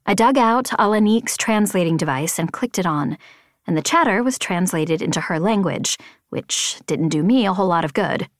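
A woman narrates a first-person adventure novel with expressive, tense delivery. Her pitch swings in a lively way, and the sound is close and dry. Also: moderate pace, no room sound. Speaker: audiobook narrator.

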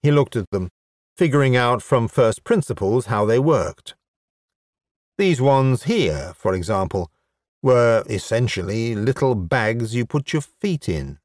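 A man narrating a comic fantasy audiobook in a wry, even storytelling manner. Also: mid-range voice, a little slow, dry recording, clean studio sound. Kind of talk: scripted narration.

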